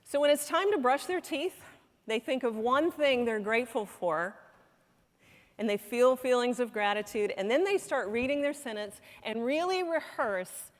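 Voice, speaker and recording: A woman's voice: a little high, animated, normal speed. A woman giving a conference talk, telling a story in an earnest way and acting out the quoted dialogue. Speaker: conference speaker. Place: conference hall. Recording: hall reverb.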